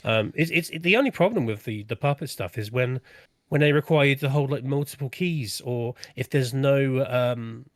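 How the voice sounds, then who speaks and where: A man's voice: medium pitch, normal speed, dry recording, clean studio sound. A man as a guest in a casual chat, talking hesitantly with many restarts. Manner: hesitant, lots of restarts and fillers. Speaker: guest streamer.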